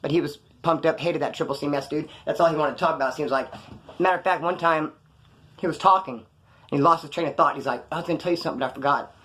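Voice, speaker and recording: A man's voice: on the high side, fast talker, pushed and bright. A man telling stories in casual, slangy street talk. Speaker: storyteller recounting prison life. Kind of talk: casual spoken storytelling.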